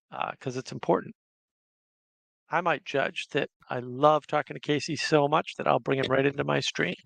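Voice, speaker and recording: A man's voice: fairly high pitch, vocal fry, a bit bright, dry recording. A man hosting a casual livestream, chatting and reading viewer comments aloud. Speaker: livestream host.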